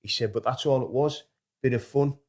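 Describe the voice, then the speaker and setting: A man's voice: medium pitch, a little fast. A man hosting a casual podcast chat, mostly agreeing briefly and sometimes retelling a short story. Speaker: podcast host.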